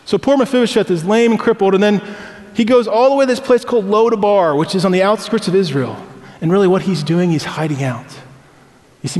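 A man's voice: a little high, a little mellow. A man preaching a sermon as a pastor, telling stories in a conversational way. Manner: conversational storytelling with personal anecdotes. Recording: long hall reverb.

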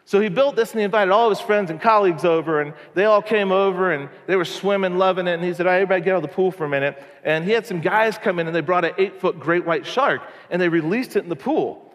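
A man preaching a sermon, telling stories in a conversational, animated way. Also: high-pitched, quick pace, hardly any pauses. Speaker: pastor. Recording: long hall reverb.

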